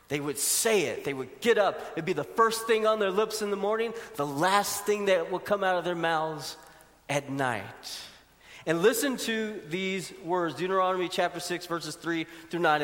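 A male pastor preaching a sermon with emphatic delivery, surging fast and then slowing down softly. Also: high-pitched. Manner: emphatic preacher, swings from fast bursts to slow soft lines. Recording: long reverb of a large hall.

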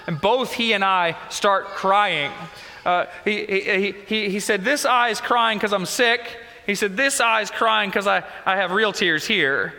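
A man's voice: high voice, sharp tone, long reverb tail. A man preaching a sermon as pastor, telling earnest, emotional stories with repeats and restarts. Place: church sanctuary.

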